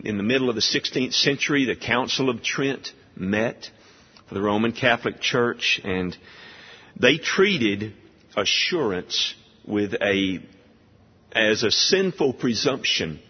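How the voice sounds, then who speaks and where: Emphatic preacher in a reverberant hall. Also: male voice, on the low side, husky. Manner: emphatic, rhetorical questions, deliberate. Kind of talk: expository sermon. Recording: dull lo-fi audio with long hall reverb.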